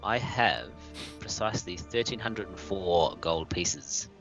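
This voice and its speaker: A man playing a tabletop game, speaking calmly and matter-of-factly. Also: sits low, takes it slowly, highs cut off, over music. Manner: calm, matter-of-fact. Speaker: player. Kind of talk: casual tabletop play.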